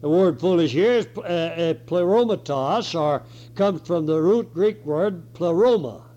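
A man preaching a sermon and reading scripture, hoarse with a cold and clearing his throat now and then. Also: on the high side, lively intonation, unhurried, mellow. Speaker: pastor. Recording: dull lo-fi recording.

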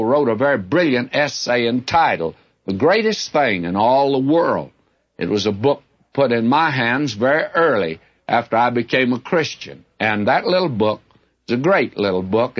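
An older man teaches scripture in a plain, middle-pitched voice, speaking in a candid, folksy way. The recording sounds somewhat muffled and lo-fi, like an old broadcast tape. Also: lively intonation, moderate pace. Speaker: Bible teacher. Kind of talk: Bible teaching sermon. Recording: dull lo-fi recording.

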